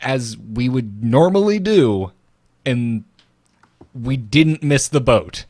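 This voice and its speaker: Podcast dude, slight florida drawl, chatty and jokey, dry close mic. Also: male voice, medium pitch, lively intonation, slow, a little mellow, dry recording. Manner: chatty, jokey, many fillers and restarts. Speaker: podcast co-host. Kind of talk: casual chat.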